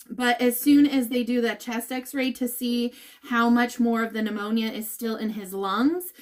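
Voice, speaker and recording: A woman talks casually to the people who follow her. Her voice sits high and her delivery is slow and unhurried. She laughs often and sometimes sounds close to tears. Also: a little mellow. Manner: emotional, laughing and near tears while recounting. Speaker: vlogger updating viewers.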